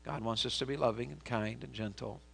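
Folksy, bright-voiced preacher man. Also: medium pitch, brisk, gravelly, slightly rough. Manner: folksy storytelling, swings from loud emphasis to quiet intensity. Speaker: pastor. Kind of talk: sermon.

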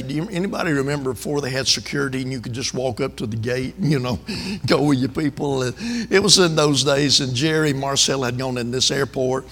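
An older man with a drawl preaches in a church, telling homespun stories and turning often to the congregation. His voice is gravelly, at an ordinary pitch for a man, and the sanctuary gives it a long ringing tail. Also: a bit bright, in a large hall. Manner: folksy, drawling, storytelling with asides to the congregation. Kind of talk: sermon with folksy stories.

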